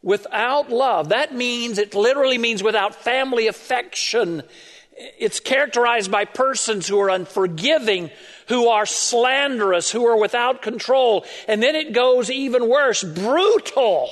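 A man's voice: extremely high pitch, fairly bright tone. A male pastor delivering a sermon, stretching key words for emphasis. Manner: emphatic preaching, drawn-out stressed words. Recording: long reverb of a large hall.

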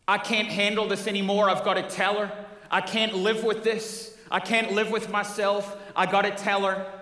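A man's voice: high-pitched, flat delivery, moderate pace, pushed and bright, distant mic, pitched above the performer's own voice. A man preacher voicing a distraught, guilty man confessing in a pleading, urgent voice. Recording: echoey hall.

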